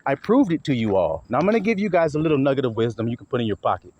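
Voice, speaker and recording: A man's voice: medium pitch, big pitch swings, very fast, darkish tone. A man giving a blunt, emphatic preaching monologue, often acting out quotes and swearing freely. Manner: emphatic, swings into acted quotes, blunt and profane. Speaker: online preacher. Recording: dull lo-fi recording with faint hiss.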